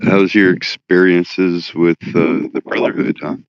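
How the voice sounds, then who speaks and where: Super deep voiced guy tossing out short prompts, muffled lo-fi chat audio. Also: little pitch movement, measured pace, clean tone, dry recording. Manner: brief, laid-back prompts. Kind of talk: casual chat.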